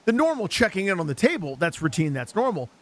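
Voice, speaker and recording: Male sports radio co-host, slightly high voice, animated and chatty. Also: fast. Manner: chatty, riffing and teasing. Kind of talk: casual sports radio banter.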